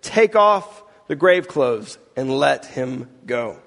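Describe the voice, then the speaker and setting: A man reading the words of a calm, authoritative male teacher in a slow, solemn way during a scripture reading. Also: medium pitch, gravelly, big-room sound, voice pushed down, exaggerated voice.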